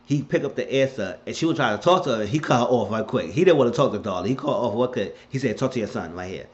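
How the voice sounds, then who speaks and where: A fast-talking man with a medium pitch and lively intonation casually recaps a TV episode, rambling in colloquial language as he retells scenes. The recording is dull and lo-fi.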